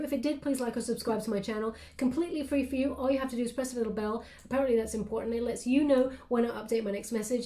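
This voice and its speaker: A woman giving a casual, affectionate tarot card reading to her viewers, talking gently with plenty of fillers. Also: fairly high pitch. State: briefly tearful then composing herself.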